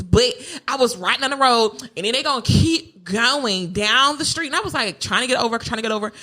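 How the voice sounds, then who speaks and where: A woman's voice: a little high, quick pace, few pauses. A woman, co-hosting a podcast and ranting through comic stories. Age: 30s. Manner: animated, ranting storytelling. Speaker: podcast co-host. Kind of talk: casual comedic chat.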